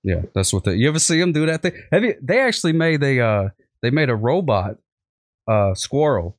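A man's voice: mid-range voice, animated, moderate pace. A man hosting a casual comedic chat, rambling and jokey, with lots of restarts. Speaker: podcast host.

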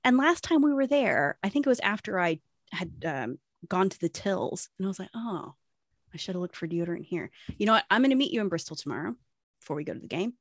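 Young woman co-host, lively swing in pitch, dry close sound, casual and sweary. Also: fast, dry recording. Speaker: podcast co-host. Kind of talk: casual chat. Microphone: remote call mic.

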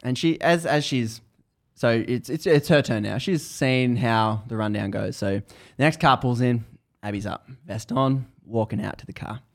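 A man's voice: medium pitch, moderate pace. A man hosting a podcast, casually retelling a book's story in a loose, rambling way with many restarts.

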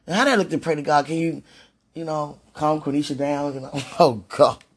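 A woman's voice: low voice, fairly even intonation, brisk, slightly rough. A woman vlogging in a casual, rambling monologue, sighing and repeating herself as she pleads aloud to God.

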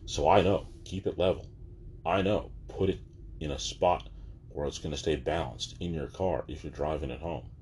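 A man's voice: a bass voice, moderate pace, a little mellow, a little hiss or hum. A man vlogger telling a story in a casual, exasperated, ranting way.

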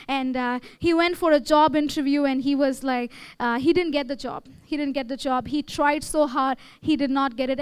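A young woman with an Indian English accent preaching a sermon in a conversational way, often checking in with her listeners. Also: sits high. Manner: conversational, checks in with "okay?" and "all right?".

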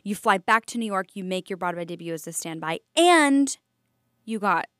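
A woman hosting an interview podcast, talking in a gushing, lively, girlfriend-style way. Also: medium pitch, moderate pace, dry recording, studio quality. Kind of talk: casual interview chat.

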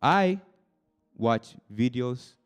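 A young man preaching a sermon to a youth group, dropping to a soft confiding tone and then climbing into high, excited bursts, often repeating words and restarting sentences. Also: extremely slow, clean tone, soft background music.

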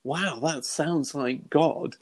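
A man's voice: on the high side, slow pace. Earnest middle-aged man teaching on faith. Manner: earnest, lively, acts out quoted thoughts, frequent restarts. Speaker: Christian teacher. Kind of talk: conversational teaching.

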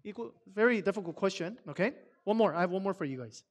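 A man with a high-pitched voice addresses a church congregation over a microphone. His delivery is loose and chatty, full of filler words. He keeps turning to his listeners with direct questions. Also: animated, fast talker. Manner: conversational, asks the audience many questions. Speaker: speaker at a Sabbath service. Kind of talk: casual talk to a congregation. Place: church service.

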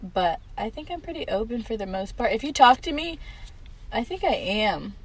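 A young woman in a casual group chat, telling stories lively and acting out what people said. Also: on the high side, moderate pace, husky, poor audio. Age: young adult. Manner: animated storyteller, acts out quotes.

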